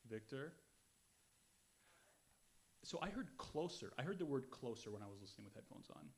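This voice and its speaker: A man's voice: medium pitch, big pitch swings, creaky. A man hosting a podcast, chatting casually and explaining things as he goes. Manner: quick, chatty, explaining as he plays clips. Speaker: podcast host. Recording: loud background noise.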